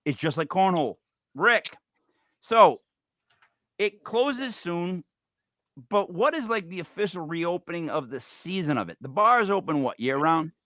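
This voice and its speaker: A man hosting a talk show, rambling and joking in an animated, digressive way. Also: high-pitched, a little slow, no room sound, clean studio sound. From Italian-American. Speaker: podcast host.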